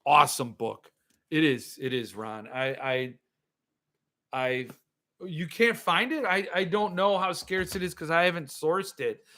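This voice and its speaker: A man's voice: on the high side, measured pace, bright, forceful tone. A man hosting a livestream, ranting sarcastically and answering viewer comments in casual chat. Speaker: podcast host.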